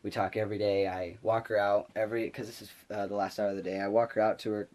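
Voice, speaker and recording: Young man, slightly low voice, casual storytelling vlog, rambling, filler-heavy, restarts a lot. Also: little pitch movement, quick pace, darkish tone. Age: young adult. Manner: drops to a whisper for quoted asides. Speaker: vlogger.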